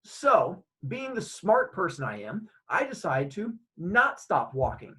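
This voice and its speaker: A man hosting his own show tells an anecdote casually, in an animated way, acting out the dialogue. His voice is high-pitched and slow, and the audio is poor.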